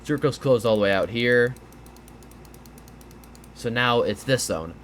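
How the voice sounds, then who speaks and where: Speaking slowly in a mid-range voice, a man explains gaming strategy over a map, sounding tired and yawning. He rambles with fillers and restarts in this casual gameplay breakdown, and there's a little hiss or hum.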